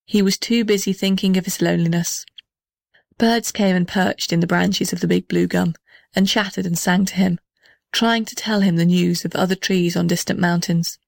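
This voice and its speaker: A woman's voice: fairly low pitch, fairly even intonation, moderate pace, vocal fry, dry recording, clean studio sound. Woman reading a children's story.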